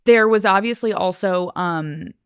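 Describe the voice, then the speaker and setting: A woman hosting a podcast interview who asks gentle, probing questions. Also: mid-range voice, unhurried, clean tone, no echo, studio quality. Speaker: podcast host.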